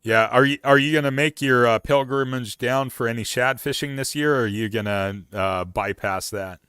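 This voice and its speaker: Male stream host, rambly and casual; bright, crisp tone. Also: mid-range voice, normal speed, dry recording, studio quality. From Oregon. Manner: rambling, many fillers and restarts. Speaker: livestream host. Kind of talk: casual outdoors chat.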